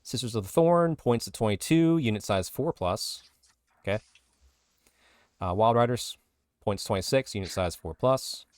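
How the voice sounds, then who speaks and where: A man's voice: lowish voice, animated, moderate pace, pauses often, dry recording, studio quality. A man co-hosting a casual podcast, rattling through lists of game rule changes. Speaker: podcast co-host. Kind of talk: casual podcast chat reading rules updates.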